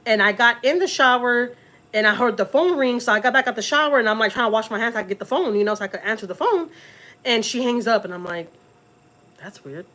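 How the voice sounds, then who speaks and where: A woman's voice: fairly high pitch, quick pace, rough recording. A middle-aged woman, rambling and emphatic as she tells a family story on a live stream. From Houston, Texas. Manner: rambling and emphatic, many "you know" and "like" asides, animated when voicing others. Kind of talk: casual storytelling.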